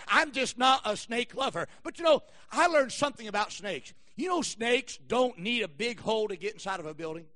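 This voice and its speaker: A man preaching with a strikingly high, bright and tense voice. He delivers a sermon in emphatic bursts, climbing to shouts and sinking to quiet asides. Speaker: pastor.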